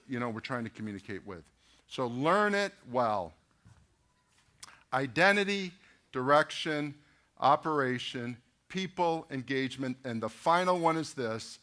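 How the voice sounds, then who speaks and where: A middle-aged man speaks as a pastor addressing a business luncheon. He tells animated stories, acting out the dialogue himself. He often turns to the crowd with direct questions. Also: a little high. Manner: storytelling, animated anecdotes with quoted dialogue.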